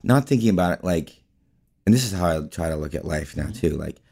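Man, interview guest, rambling casual anecdotes, lots of fillers, fairly low voice. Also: expressive, a little fast, dark tone. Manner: rambling, full of "like" and "you know". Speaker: guest, actor and filmmaker.

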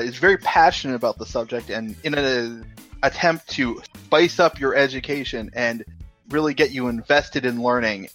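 Laid-back man running a game. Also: mid-range voice. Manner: relaxed, hesitant with many uhs. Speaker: game master and host. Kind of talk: casual actual-play narration.

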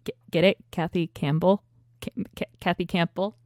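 A woman co-hosting a podcast in casual chat, animated and laughing often, often restarting her sentences as she talks into a shared microphone. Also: fairly low pitch, normal speed, no echo, clean studio sound. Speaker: podcast co-host. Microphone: shared single microphone.

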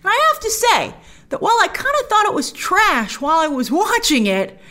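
A woman giving a casual film review to camera, chatty and animated, acting out her own reactions. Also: extremely high pitch, normal speed.

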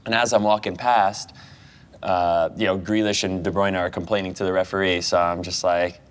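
A man's voice: low-pitched, steady tone, normal speed. Chatty American man telling stories. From United States. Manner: chatty storyteller, laughs often. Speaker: guest goalkeeper. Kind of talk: casual chat.

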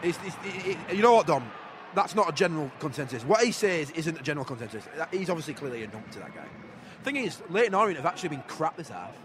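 A young man with a high, very lively voice, bantering and yelling at the pitch from the stands. He argues his points hard and gets worked up fast. Steady outdoor noise hangs behind him in the stadium. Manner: excitable, shouts at the play, argumentative. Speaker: football fan vlogger. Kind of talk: live matchday commentary and banter.

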